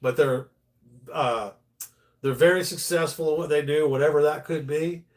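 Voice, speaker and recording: A male live-stream host tells stories in a slightly high voice. He's animated and loose, and he swears casually as he rambles through each tale. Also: normal speed. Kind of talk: casual storytelling chat.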